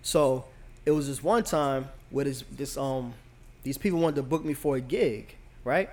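In an unhurried, darkish mid-range voice, a male comedian hosts a podcast. He chats casually and easygoingly, often checking in with the listener through a repeated "you know what I'm saying."

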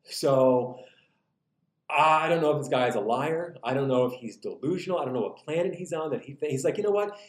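A man preaching a sermon in an animated, humorous, conversational way. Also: mid-range voice, a little fast. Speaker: pastor. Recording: roomy echo.

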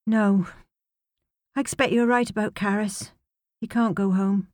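Restless, guilt-ridden young woman, a touch higher, tense, read by a woman. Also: fairly even intonation, unhurried, darkish tone, dry recording, clean studio sound, close to an everyday voice. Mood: anxious. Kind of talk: audiobook character reading.

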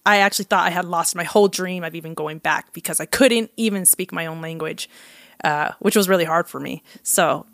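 Woman, casual storytelling, animated quoted dialogue, dry close sound. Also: fairly low pitch, fairly quick, creaky, no room sound. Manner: lively, acts out quoted dialogue with laughs. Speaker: guest telling her adoption story.

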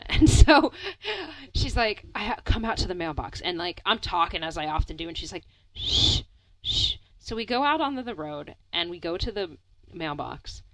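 A woman's voice: lowish voice, normal speed, dry recording, poor audio. A young woman telling a rambling story in casual chat, full of "like" fillers, laughing and swearing now and then. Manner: animated, many "like" fillers, swears, laughs often.

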